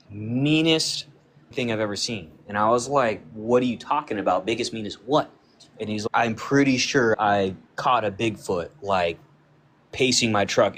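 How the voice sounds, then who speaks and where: This podcast guest has a mid-range, fairly bright voice. He's relaying something that happened to a friend, voicing the back-and-forth himself, and keeps it loose and chatty with lots of "like" thrown in.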